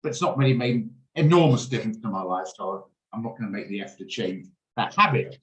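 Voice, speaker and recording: A man's voice: fairly low pitch, expressive, fast talker, a bit bright, dull audio. Male trading host, blunt and rambling, echoey video-call sound. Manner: chatty, blunt, rambles off topic. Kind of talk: casual chat in an online trading session. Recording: roomy echo on a video call.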